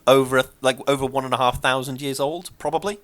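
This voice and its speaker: A man co-hosting a podcast in casual chat, given to animated, indignant rants. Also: medium pitch, quick pace. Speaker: podcast co-host.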